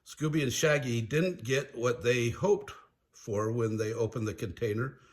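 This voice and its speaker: An older man reading a children's storybook aloud in a slow, animated storytelling manner. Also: medium pitch. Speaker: storybook reader.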